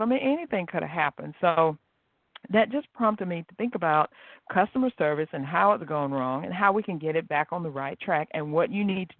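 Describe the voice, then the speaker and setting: A man's voice: on the high side, creaky, dry recording. A man hosting a motivational podcast, telling stories with animation and acting out the quoted dialogue. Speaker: podcast host. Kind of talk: motivational solo podcast talk. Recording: dry, tinny phone-like line.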